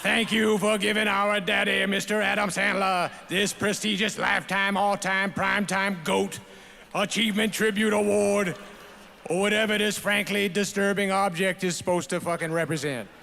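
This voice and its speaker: A man reading a comic roast letter aloud in a put-on Southern accent, with a slow, drawn-out delivery at an awards ceremony. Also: high-pitched, level tone, creaky, sharp tone, exaggerated voice. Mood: mocking. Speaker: award recipient. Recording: reverberant awards hall, faint ambience.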